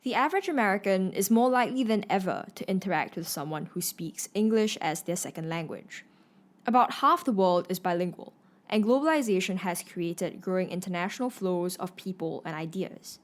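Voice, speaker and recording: A woman narrating a podcast segment from a script, brisk and informative. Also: medium pitch.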